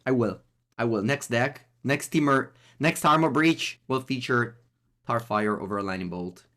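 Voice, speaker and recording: A man's voice: medium pitch, normal speed, sharp tone. A man with an Italian accent giving live, chatty commentary as he plays, talking to himself and to his chat. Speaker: streamer.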